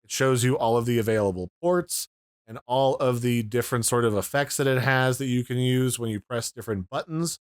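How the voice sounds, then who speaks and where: Tech reviewer, male, relaxed explainer, dry and close, mid-range voice. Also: medium pitch, no room sound. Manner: casual, explanatory, conversational. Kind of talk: product review and unboxing.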